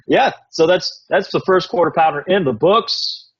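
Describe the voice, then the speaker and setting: A man's voice: sits high, slow pace, a bit bright, breathy edge. A man casually co-hosting a fantasy football recap, laid-back and rambling, laughing often. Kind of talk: casual chat. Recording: dull lo-fi recording.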